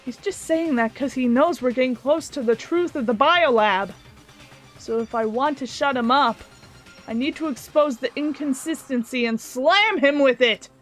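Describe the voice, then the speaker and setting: A woman's voice: sits high, moderate pace, soft background music, pitched below the performer's own voice, close to an everyday voice. A woman voicing an earnest teenage boy student in a game, talking himself through his worries. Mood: resolute.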